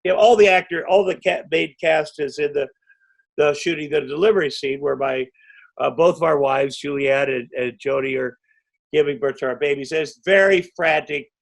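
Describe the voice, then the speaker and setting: A man's voice: fairly high pitch, moderate pace, vocal fry. Rambling man telling a showbiz story. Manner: rambling, self-interrupting, bursts into loud acted quotes. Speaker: podcast guest. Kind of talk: anecdotal storytelling.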